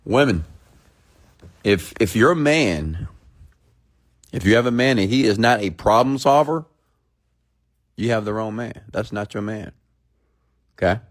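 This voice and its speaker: This live-stream host has a lowish voice and sounds animated, keeping a measured pace with frequent pauses. He rants bluntly and preachily at his audience, repeatedly checking in with "okay?" and reading out their comments.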